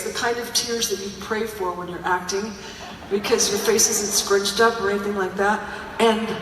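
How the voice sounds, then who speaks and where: An older woman tells a story to a theater crowd, chatty and animated, often laughing. Her voice is bright, and it reaches the phone from far off, swimming in the echo of a big hall. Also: medium pitch, slight background noise. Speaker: singer and stage performer. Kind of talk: live on-stage storytelling. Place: large theater stage. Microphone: audience phone recording from far off.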